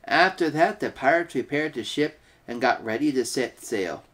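A man's voice: mid-range voice, lively intonation, moderate pace, a bit bright. A man hosting a weekly read-aloud, reading a children's picture book and signing off in an upbeat, playful way. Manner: upbeat, playful sign-offs. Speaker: host reading books aloud.

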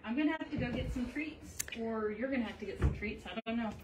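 A woman's voice: on the high side, fast talker, darkish tone, slight background noise. A woman with a Texan accent co-hosting a casual livestream in a cat shelter, playful and giggly, talking to the cats. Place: cat shelter room indoors.

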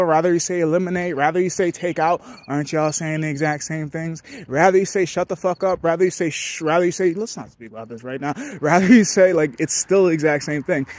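A man's voice: on the high side, a little mellow. A young man rambling through a casual podcast monologue, profane and often laughing. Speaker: podcast host.

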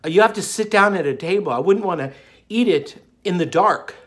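High-voiced joking man rambling to camera. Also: lively intonation, a little fast. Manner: jokey, digressive, lots of fillers. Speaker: diet channel host. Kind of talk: casual rambling monologue.

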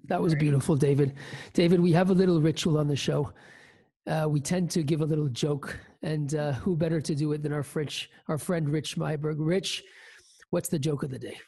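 Gravelly upbeat talk show host. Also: male voice, on the high side, steady tone, moderate pace, warm tone.

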